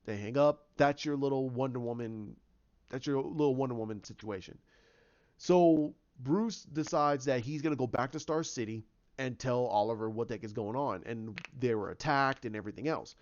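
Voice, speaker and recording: A man talking through a plot he made up, in a loose, rambling way full of restarts and little fillers. His pitch sits right in the middle for a man. The recording is dull and lo-fi. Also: moderate pace, a little mellow. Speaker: fan pitching a movie idea. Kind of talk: casual retelling.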